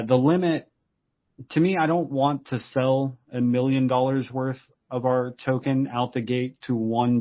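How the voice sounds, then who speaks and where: A man, a company founder, answering interview questions in an explanatory, hesitant way with lots of fillers. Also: mid-range voice. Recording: dull lo-fi audio.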